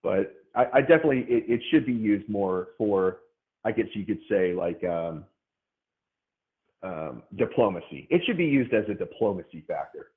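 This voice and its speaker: A caller in a casual debate speaks in a fairly low, expressive voice at a moderate pace, hesitating, restarting his sentences, and repeating words often. He comes through a tinny phone line.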